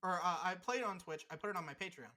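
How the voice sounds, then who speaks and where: A man co-hosting a podcast, trading jokes while he plays a game. He rants in profane, mock-furious bursts, his pitch swinging widely up and down. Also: expressive, racing, bright, forceful tone. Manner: profane, mock-angry ranting. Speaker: podcast co-host. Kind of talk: casual podcast banter while gaming.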